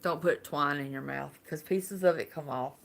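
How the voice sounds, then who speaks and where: A woman's voice: deep voice, normal speed, gravelly. A woman from Alabama with a Southern accent, chatting casually and rambling on a live stream, laughing often. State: unwell.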